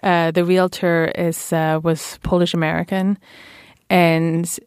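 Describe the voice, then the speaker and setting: Mulher com sotaque alemão, voz rouca e grave. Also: female voice, on the low side, little pitch movement, slow pace, darkish tone, smooth, no echo, studio quality. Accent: German. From Germany. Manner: chatty storytelling with fillers and laughs. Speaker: guest. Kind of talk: casual interview chat.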